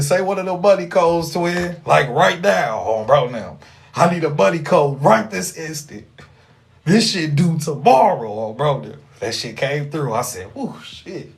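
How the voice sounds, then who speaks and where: A young man delivering a rambling, profane spiritual monologue, animated, with sudden loud outbursts. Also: a little high. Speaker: spiritual vlogger.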